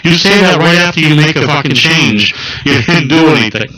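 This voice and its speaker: A man's voice: on the high side, animated, brisk, bright, forceful tone. Man talking in an echoey room. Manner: profane, explains at length. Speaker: podcast co-host. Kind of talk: casual chat.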